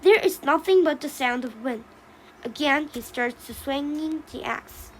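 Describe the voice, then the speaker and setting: A woman reading the narration of a storybook play aloud, halting, with small slips. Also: high voice, expressive, slight background noise, low-quality recording. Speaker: reader.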